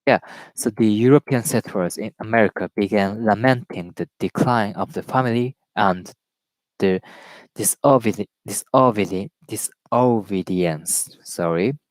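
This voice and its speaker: Man reading aloud haltingly in English. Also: on the low side, no room sound. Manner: reads aloud haltingly, repeats words, greets viewers. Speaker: live stream host. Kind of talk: casual reading and commentary.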